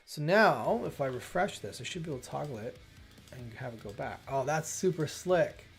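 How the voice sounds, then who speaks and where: A man talks through his coding on a livestream, chatty and self-interrupting, and he exclaims when things work. His pitch swings widely. Faint music plays in the background. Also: lively intonation, normal speed. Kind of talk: thinking aloud while coding.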